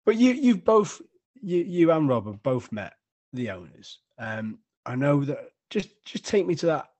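Male host, halting questions. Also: fairly high pitch, big pitch swings, a little mellow, dry recording. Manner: asks questions with halting restarts. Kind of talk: casual chat.

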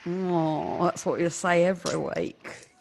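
A woman's voice: lowish voice, steady tone, takes it slowly, gravelly, heavy background noise. A woman co-hosting a podcast, talking in a chatty, loose way and swearing freely. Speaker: podcast co-host. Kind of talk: casual chat.

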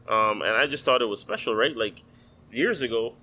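Man from the virgin islands, bright tone, casual chat, swears a lot, lots of fillers. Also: medium pitch, moderate pace, low-quality recording. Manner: profane, loose storytelling with many fillers. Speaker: chef.

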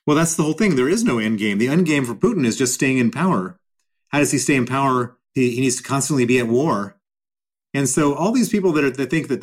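A male interview guest explains his views at length, driving points home by repeating them. His voice sits at an ordinary middle pitch for a man. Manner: emphatic and repetitive.

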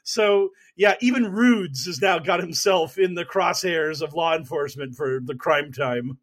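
Man, casual podcast co-host, high-pitched, laughing, mocking, rambling. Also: a little slow. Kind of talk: casual comedic political chat.

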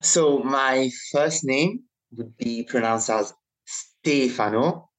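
Italian-accented man, measured guest. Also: mid-range voice, low-quality recording. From Italy. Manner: measured, drawn-out phrasing with hesitant fillers. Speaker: guest writer and activist. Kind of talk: podcast interview.

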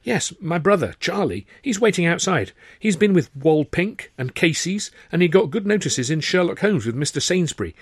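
A man's voice: on the high side, big pitch swings, normal speed, few pauses, husky, clean studio sound, pitched above the performer's own voice. A man voicing an anxious, eager young male music-hall performer who stammers and pleads with his boss.

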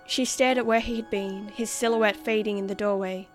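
A woman reading a story aloud as narrator in a measured, expressive way. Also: medium pitch, faint music behind. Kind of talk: scripted narration.

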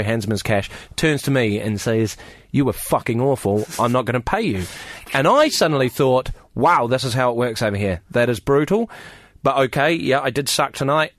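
A man's voice: medium pitch, no echo. A man, a comedian, telling a story in casual chat and acting out the quotes. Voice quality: animated storyteller, acts out quotes.

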